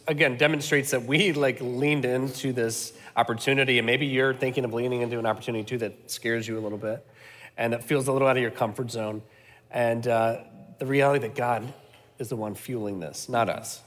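A middle-aged man telling a story in conversation as a guest, earnest and rambling with fillers. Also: medium pitch. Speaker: guest, camp founder. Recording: reverberant room.

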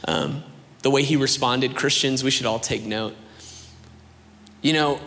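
A young man preaching and telling his own story in a casual, animated way, with lots of "like" and "you know". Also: medium pitch, a little slow, long pauses, big-room sound. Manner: conversational, animated storytelling with many fillers. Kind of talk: sermon with personal testimony.

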